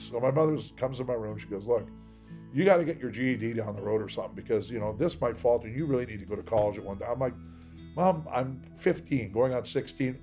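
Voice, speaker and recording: A man's voice: medium pitch, warm tone. A man from Seattle giving a candid, rambling interview, acting out the voices of people he quotes. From Seattle, USA. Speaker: interviewee, singer.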